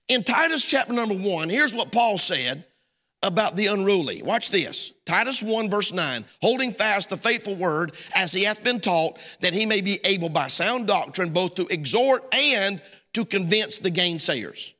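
High, lively pastor preaching in a reverberant hall. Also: male voice, normal speed. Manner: folksy storytelling preacher, acts out both sides of a phone call. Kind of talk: sermon. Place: church sanctuary.

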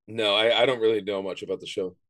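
A man co-hosting a podcast in casual chat, easygoing and agreeable, throwing in quick jokes. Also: lowish voice, steady tone, a bit bright. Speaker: podcast co-host.

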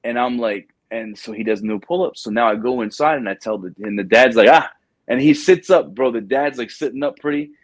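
A man hosting a casual chat, telling a recruiting story with lively acted-out quotes and plenty of "bro". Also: medium pitch, brisk, no echo. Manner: animated storyteller, acts out quotes, says "bro". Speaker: podcast host, Marine recruiting staff sergeant.

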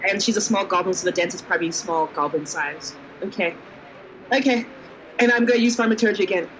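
A woman's voice: mid-range voice, brisk, fairly bright tone, a little hiss or hum, rough recording. A woman playing a tabletop game, often stammering and flustered as she describes her actions. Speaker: player. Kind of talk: tabletop role-play.

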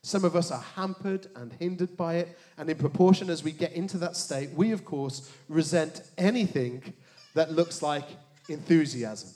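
A man preaching a sermon, animated, with joking asides and dramatic hushed emphasis on key words. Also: fairly high pitch, moderate pace. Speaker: pastor.

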